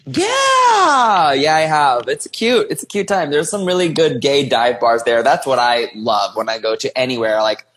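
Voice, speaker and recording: A man hosting a podcast in campy, excitable casual chat, swearing freely and gushing over his guest. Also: medium pitch, moderate pace, hardly any pauses. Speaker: podcast host.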